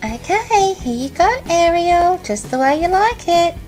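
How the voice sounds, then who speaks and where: Cheerful doll queen mum, voiced by a woman, very high and lively. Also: unhurried, faint music behind. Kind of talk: toy doll play acting.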